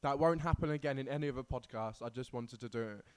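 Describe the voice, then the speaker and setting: A man co-hosting a casual podcast who giggles and blurts out remarks, dropping to mumbles between louder outbursts. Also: medium pitch, fast, smooth. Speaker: podcast co-host. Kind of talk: casual chat.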